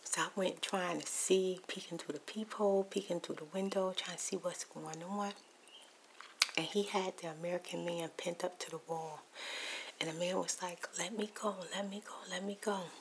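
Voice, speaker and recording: A woman's voice: fairly low pitch, steady tone, moderate pace, slight background noise, poor audio. A woman whispering a rambling ASMR storytime while eating popcorn, with crunching clicks in the background. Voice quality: mostly whispered, soft-spoken. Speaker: ASMR YouTuber.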